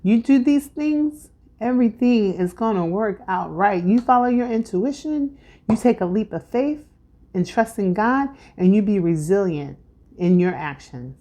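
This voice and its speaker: A woman's voice: medium pitch, animated, unhurried, dark tone. A woman in her thirties giving a casual tarot reading at home, chatty and preachy with lots of fillers. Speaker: tarot reader.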